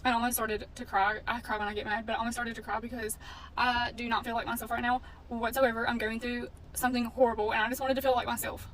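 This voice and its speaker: A woman's voice: fairly high pitch, flat delivery, fast, a bit bright. A woman in a casual storytime vlog, telling a story in a blunt, indignant way and swearing freely. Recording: distant mic with faint background noise.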